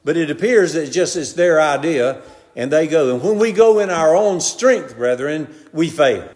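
A man's voice: a little high, expressive, normal speed, a little mellow. An older man with a Southern US accent preaching a folksy, conversational sermon, telling homely stories and repeatedly addressing his listeners as "brethren.". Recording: long reverb of a large hall.

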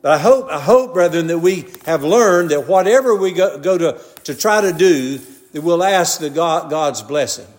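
Older male preacher, Southern drawl, fairly high voice, homely down-to-earth delivery with a long church echo. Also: expressive, normal speed. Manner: homely storytelling, repeatedly addressing "brethren". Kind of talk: folksy conversational sermon. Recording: long reverb of a large hall.

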